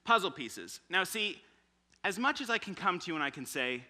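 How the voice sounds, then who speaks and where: A high male voice, a little quick, belongs to a young preacher in his twenties. He energetically acts out quotes while telling stories during a church sermon.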